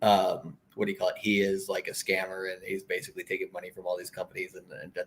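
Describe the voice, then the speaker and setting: A man co-hosting a casual crypto stream. His voice sits low, and he talks in loose, meandering sentences full of fillers. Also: fast. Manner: relaxed, rambling, fillers like "what do you call it". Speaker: co-host. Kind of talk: casual chat.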